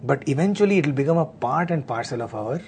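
A man talking earnestly in a spiritual discussion, often pausing with fillers. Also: a little high, animated, darkish tone, slight background noise.

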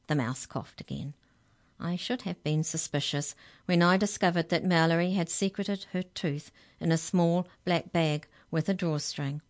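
Kiwi woman reading children's stories on radio, low calm voice. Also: unhurried. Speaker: storyteller.

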